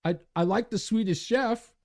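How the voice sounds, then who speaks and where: A man hosting his own show, talking in an excited, worked-up way and laughing at himself. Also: normal speed. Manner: worked-up, laughing at himself, big pitch swings. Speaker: radio show host. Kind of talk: animated commentary monologue.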